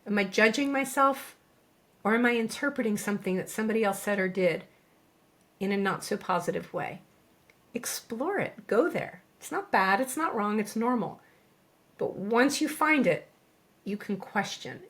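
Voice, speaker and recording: Calm, reassuring woman coaching listeners. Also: medium pitch. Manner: calm, reassuring, slows to stress key phrases. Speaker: veterinarian and coach, podcast co-host. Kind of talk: scripted podcast monologue.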